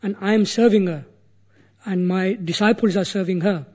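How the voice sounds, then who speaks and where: A man's voice: high voice, moderate pace, a little mellow, breathy edge. A man voicing a former hunter turned sage who earnestly questions himself aloud, in a retold sacred story. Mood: wondering.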